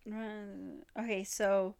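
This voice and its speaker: A woman's voice: mid-range voice, flat delivery, very slow, gravelly, a little mellow, clean tone. A woman in casual chat, retelling a drama plot in a rambling way full of fillers and acted quotes. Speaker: co-host recapping a drama.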